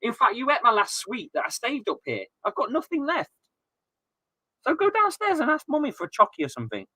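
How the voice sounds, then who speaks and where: A man's voice: extremely high pitch, huge pitch swings, fairly quick, bright, forceful tone, dry recording. A man in his thirties chatting casually and ranting with swearing on a live football watchalong stream.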